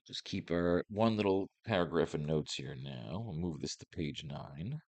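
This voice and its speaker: A man's voice: a bass voice, expressive, a little slow, darkish tone, no echo. Man muttering through a comic script. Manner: muttering, swears at his computer. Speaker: comics writing instructor. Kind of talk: thinking aloud while drafting a script.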